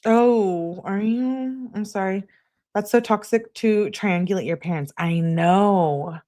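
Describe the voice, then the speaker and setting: A woman on a live stream reading text messages aloud in a steady voice, breaking off to answer her chat. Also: mid-range voice, takes it slowly. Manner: flat reading, asides to chat.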